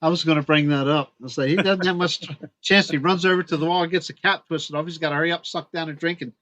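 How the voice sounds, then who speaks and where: A man co-hosting a casual chat, agreeable and quick to chime in. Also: on the high side, fairly even intonation, fairly bright tone, dry recording, muffled recording. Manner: agreeable, short backchannels.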